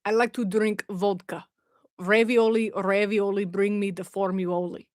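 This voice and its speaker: A woman's voice: mid-range voice, steady tone, a bit bright, no room sound, clean studio sound, pitched below the performer's own voice. Woman putting on a hammy mock Russian tough guy. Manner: slow, exaggerated mock accent.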